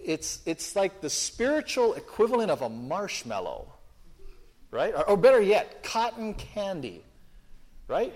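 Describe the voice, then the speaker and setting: A man's voice: a little high, sing-song, a little slow, a little mellow. A man preaching an expository sermon to a congregation, emphatic, often repeating phrases and restarting sentences.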